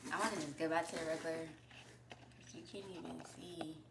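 A woman's voice: low-pitched, a little fast, gravelly, recorded from a distance. A woman vlogger chatting casually and rambling through her week, telling stories with a lilt. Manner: chatty, rambling, animated storytelling. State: out of breath. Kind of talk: casual vlog chat. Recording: echoey room, voice off-mic, faint hiss.

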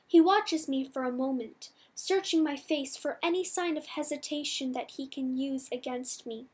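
A woman reading a novel aloud in the first person, measured and softly dramatic. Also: high-pitched. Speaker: audiobook reader.

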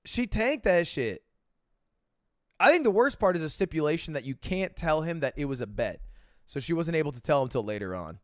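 A streamer in his twenties reacts to a video with casual, rambling commentary, laughing and stuffing his speech with fillers. His voice is a little high, very animated and brisk, in a dry, studio-quality recording.

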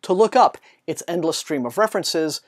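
A man presents a scripted book review as the host of his show. He talks in an articulate, measured way and slips in dry asides. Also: on the high side, animated.

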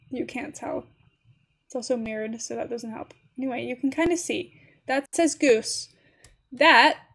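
Woman, high-pitched, gaming livestream, casual chat, giggly, chatty. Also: a bit bright. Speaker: streamer.

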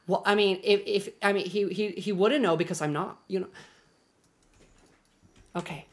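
A man's voice: high voice, expressive, measured pace, long pauses. A young man streaming a game live, chatting casually and gushing at his dogs in baby talk. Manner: playful, lots of fillers.

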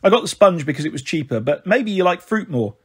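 A blunt, sensible teenage girl, voiced by a man reading a storybook. She talks in a plain, reproachful way, her voice slightly husky and a touch high. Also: big pitch swings, fast talker, heavily acted. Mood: apologetic.

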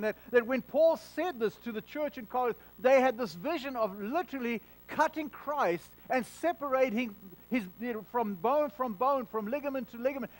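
A man preaching a sermon as pastor, earnest, stumbling over repeated words as he stresses a point, and dropping to a soft hush on solemn lines. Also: extremely high pitch, low-quality recording.

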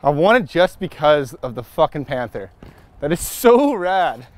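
Excitable, cursing man on a lapel mic. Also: fairly high pitch, measured pace, a little hiss or hum. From Chicago, USA. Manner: excitable and profane, loud bursts, frequent laughs. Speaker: scooter rider interviewed on a filming day. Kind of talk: casual chat while filming. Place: outdoors on city streets.

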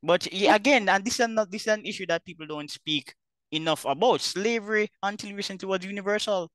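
A man hosting an interview, talking in a measured, deliberate way with occasional stumbles. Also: high-pitched, a bit bright, no room sound. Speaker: interview host. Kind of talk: conversational interview.

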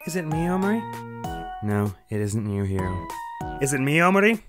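A man voicing a quiet, deadpan teenage boy in a comedic fan meme dub, flat and low-key, with music behind. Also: normal speed, natural voice. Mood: solemn.

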